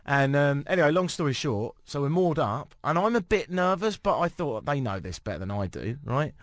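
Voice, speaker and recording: This is a British man hosting a casual radio chat, wry and self-mocking as he tells a long story. His voice swings lively in pitch. The sound is dry and close. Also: moderate pace, dry recording. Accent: British English. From Britain. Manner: wry, self-mocking anecdotes with acted-out quotes. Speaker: radio show host.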